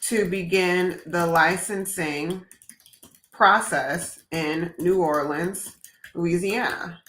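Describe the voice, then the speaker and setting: Brief: upbeat woman webinar presenter, bright forceful voice, direct and conversational, echoey room. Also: lowish voice, takes it slowly. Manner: direct, energetic, conversational with "y'all" and "right?". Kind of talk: live webinar demo.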